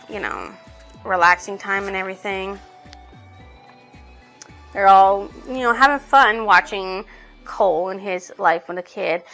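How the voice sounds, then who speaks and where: A woman's voice: medium pitch, bright, forceful tone. A woman recapping a book's plot in a casual, rambling way, swearing now and then. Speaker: book reviewer.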